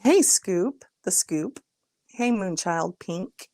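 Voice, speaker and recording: A woman's voice: fairly low pitch, lively intonation, extremely slow, dark tone, dry recording. A woman in her thirties talking casually and earnestly on a livestream, stopping to greet viewers in the chat by name. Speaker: livestream host.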